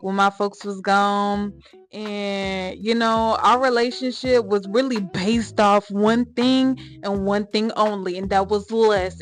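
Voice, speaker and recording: Chatty woman telling a story over faint music. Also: mid-range voice. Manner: chatty, slangy, emphatic, addresses viewers as y'all. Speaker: vlogger telling a personal story. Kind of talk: casual storytime monologue.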